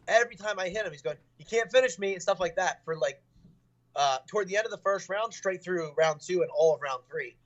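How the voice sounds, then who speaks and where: This is a young man talking at a rapid clip, his voice sitting a little high. He rambles with frequent fillers and restarts. The sound is dull and lo-fi, like call audio. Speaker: fighter being interviewed. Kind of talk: casual interview talk.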